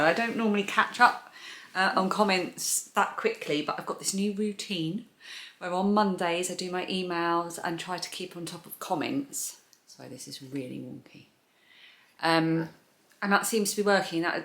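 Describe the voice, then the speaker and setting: A woman's voice: medium pitch, a bit bright. A British woman chatting casually in a crafting vlog at home, rambling and hesitant with many fillers and restarts. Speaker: crafting YouTuber. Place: home, indoors. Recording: echoey room.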